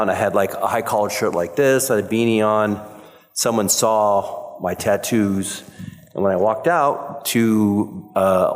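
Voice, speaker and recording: Low-voiced man telling stories in a hall. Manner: rambling storyteller with fillers and laughs. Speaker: actor on a convention panel. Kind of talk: casual anecdote telling. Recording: echoey convention hall.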